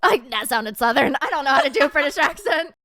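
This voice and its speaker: A woman co-hosting a casual chat podcast, talking fast with quick asides and frequent laughs. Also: high-pitched, animated, bright, forceful tone, no room sound, studio quality. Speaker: podcast co-host.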